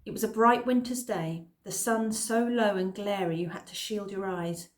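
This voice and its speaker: A woman reading a children's novel aloud in the first person, with expressive storytelling. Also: mid-range voice, normal speed. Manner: expressive storytelling, lively emphasis. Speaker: reader. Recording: roomy echo.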